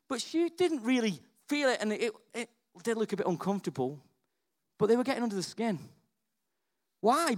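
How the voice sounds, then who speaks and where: Animated high-voiced preacher. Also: male voice. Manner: animated storytelling, swings from hushed asides to excited near-shouts; chatty, peppers speech with "right?" and "okay?". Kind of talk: sermon.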